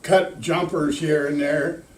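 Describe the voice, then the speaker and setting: An older man, a retired lineman, telling work stories in a halting way with many pauses and fillers. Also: on the high side, fairly even intonation, a little hiss or hum. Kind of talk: casual storytelling. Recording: roomy sound from a distant mic.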